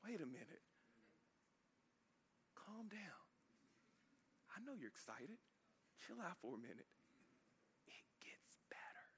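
A man voicing Jesus in a whispered role-play within a sermon, hushed and soothing as he calms his followers. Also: high voice, measured pace, slight background noise, exaggerated voice. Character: Jesus, calm, gentle, reassuring grown man.

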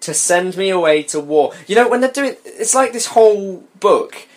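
A man's voice: high-pitched, expressive, moderate pace. Sarcastic sweary Englishman reading aloud. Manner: sarcastic, sweary, laughs often. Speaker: podcast co-host reading a story aloud. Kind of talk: comedic reading with sarcastic commentary.

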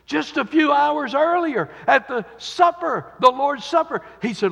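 A man preaching a sermon in a church, dramatically acting out quotes and swinging between loud and quiet. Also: extremely high pitch, expressive, unhurried, creaky, few pauses. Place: church sanctuary. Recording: dull echoey church recording with long reverb.

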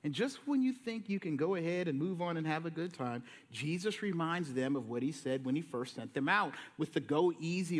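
Lively high-voiced pastor preaching. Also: male voice. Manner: lively storytelling, acting out Jesus and disciples in slang. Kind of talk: sermon. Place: church sanctuary.

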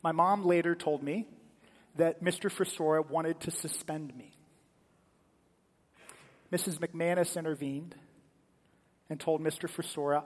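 A male pastor giving a sermon as animated, dramatic storytelling in a church sanctuary. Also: on the high side, unhurried, pauses often, in a large hall.

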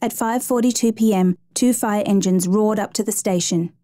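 Woman narrator, scripted story reading, measured, mellow, dry recording. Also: medium pitch, no echo.

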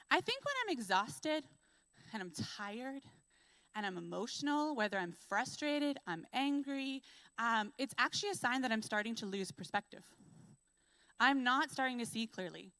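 A young adult woman giving a church sermon, telling stories in a lively way and acting out what people say. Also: on the high side, unhurried, pauses often, no room sound. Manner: lively storytelling, acts out quotes. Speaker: preacher.

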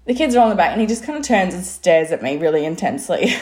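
A woman's voice: lowish voice, very animated, fast, a little mellow. A woman in her thirties, a coach talking casually to camera, chatty and full of swearing and "like". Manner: chatty, swears freely, lots of "like" and laughs. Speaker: business coach and designer.

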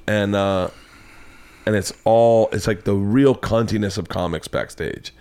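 A man's voice: on the low side, unhurried, darkish tone, clear, resonant tone. A man from the United States hosting a podcast, telling a rambling, profane story in casual chat. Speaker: podcast host.

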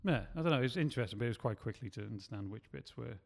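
A man's voice: medium pitch, lively intonation, racing, creaky, big-room sound. A man who writes and produces films, talking in a loose, rambling way and often stopping to correct himself. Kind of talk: casual chat.

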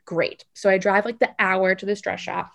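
Young woman, casual animated storyteller, heavy on filler words. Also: medium pitch, normal speed, vocal fry. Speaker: guest telling a story.

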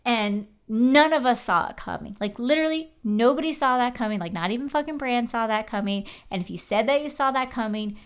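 Woman, slightly high voice, casual chat, animated, swears freely. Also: fairly quick, few pauses, smooth. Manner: animated, swearing, many fillers.

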